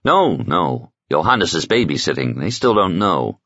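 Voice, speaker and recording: A man's voice: deep voice, very animated, measured pace, a bit bright, no echo, muffled recording, heavily acted. A man reading an audiobook, voicing a grim, wary male diplomat. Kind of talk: audiobook character voice.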